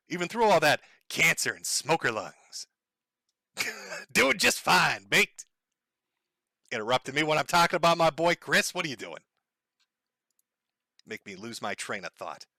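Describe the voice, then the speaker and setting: A man with a high, bright voice ranting on a live stream. He is sarcastic and mocking, and the sound is dry and close on the mic. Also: very animated, moderate pace, long pauses, no room sound.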